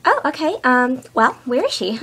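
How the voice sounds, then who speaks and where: A woman's voice: high-pitched, big pitch swings, moderate pace, very noisy. A woman voicing a flustered school office worker who reacts in laughing disbelief.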